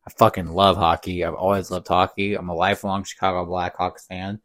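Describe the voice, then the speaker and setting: A man's voice: low voice, level tone, brisk, a bit bright, no room sound. A man co-hosting a podcast in loose, joking casual chat, swearing freely and laughing often. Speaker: podcast co-host.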